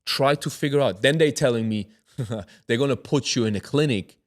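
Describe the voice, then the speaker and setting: Man telling a story with dramatic hushes. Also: medium pitch, moderate pace. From Germany. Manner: vivid retelling that acts out other people's voices, drops to a hush at tense moments. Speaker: interview guest, former footballer. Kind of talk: candid storytelling in a sit-down interview.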